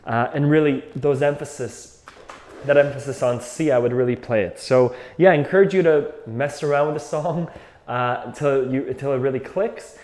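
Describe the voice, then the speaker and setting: A man's voice: medium pitch, normal speed, a little mellow. A man teaching an accordion lesson in a casual, reflective way, thinking aloud as he plays and explains. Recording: roomy echo, faint accordion.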